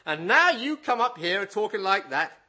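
A man doing a fiery old Cornish tin miner, bellowing his tale in broad rustic dialect. His voice rings bright and climbs high, swinging freely as he rouses himself, all in a put-on Cornish accent during a sermon reading. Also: big pitch swings, normal speed, exaggerated voice. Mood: defiant, rousing. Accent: attempted Cornish. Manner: loud, rustic storytelling dialect.

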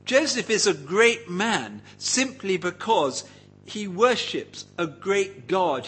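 A man's voice: high voice, a bit bright, slight background noise, low-quality recording. A man preaching a Bible teaching sermon in an engaging way, often putting questions to his listeners.

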